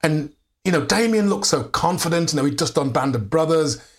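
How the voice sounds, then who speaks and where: A man's voice: fairly high pitch, fairly quick. An English actor, a man, telling anecdotes as a guest in a candid interview, restarting sentences and laughing often. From England. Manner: animated storyteller, many restarts and laughs.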